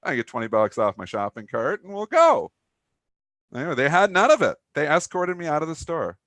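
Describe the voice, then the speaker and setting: A man's voice: fairly high pitch, sing-song, a little fast, a bit bright, no echo. A man co-hosting a live talk show, telling a long rambling story with lots of fillers. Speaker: co-host of a trading talk show. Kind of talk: casual anecdote chat.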